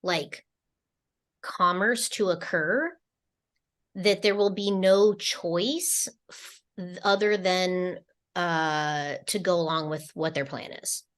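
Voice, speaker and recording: A woman speaks slowly and unhurriedly on a spiritual podcast, relaying channeled messages. Her voice sits a little low. She meanders through her thoughts with many fillers and restarts. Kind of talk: casual spiritual podcast talk.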